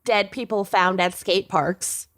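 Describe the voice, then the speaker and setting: A woman's voice: mid-range voice, fairly even intonation, slow pace, fairly bright tone, dry recording, clean studio sound. A woman co-hosting a casual true crime podcast, upbeat and chatty, reading intros and announcements. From Minnesota. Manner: upbeat, reads ads and intros. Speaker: podcast co-host.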